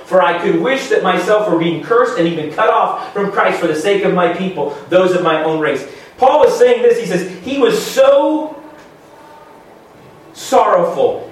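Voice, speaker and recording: A male pastor preaching a sermon with emphatic, halting restarts and rhetorical questions. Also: high voice, a little hiss or hum. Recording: very echoey room, voice from far off.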